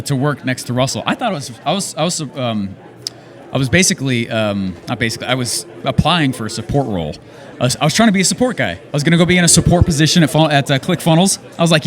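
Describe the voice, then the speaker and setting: A young man giving an energetic, excitable motivational talk to an audience on a handheld microphone, often tagging his points with "okay?". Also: fairly high pitch. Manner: energetic, excitable, fast-talking with frequent "okay?" tags. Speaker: event speaker.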